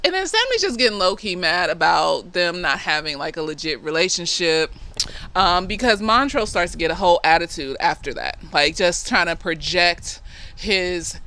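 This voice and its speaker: A woman, a therapist, giving a casual, slightly tipsy review of a TV episode, profane and lively, acting out the characters' lines. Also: fairly low pitch, moderate pace.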